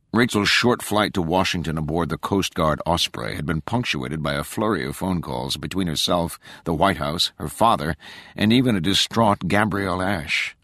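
A man narrates a thriller audiobook in a low voice, with animated shifts in pitch. He tells the story dramatically, and the recording is close and dry. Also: normal speed, no room sound. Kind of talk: scripted narration.

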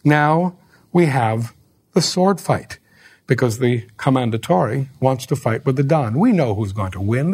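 A man's voice: mid-range voice, a little mellow, slightly rough. A man giving a lecture on opera, explaining scenes in a wry, conversational way with ironic asides.

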